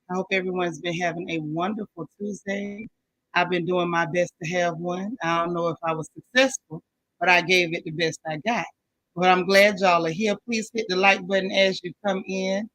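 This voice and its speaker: A woman's voice: fairly low pitch, fairly bright tone, low-quality recording. A woman hosting a casual live stream, chatting with viewers and greeting each one by name in folksy slang.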